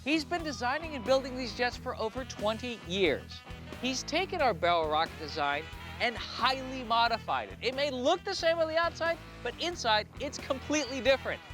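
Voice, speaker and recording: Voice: mid-range voice, animated, moderate pace. A host casually explaining and introducing an expert. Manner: enthusiastic, explanatory. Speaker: show host. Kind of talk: casual presenting. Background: music.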